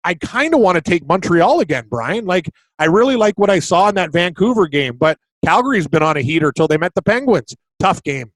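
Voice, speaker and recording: Excitable man talking hockey bets. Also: high-pitched, a little fast, hardly any pauses, dry recording, poor audio. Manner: excitable, blunt, swears casually. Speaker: podcast co-host, betting analyst. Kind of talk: casual sports betting chat.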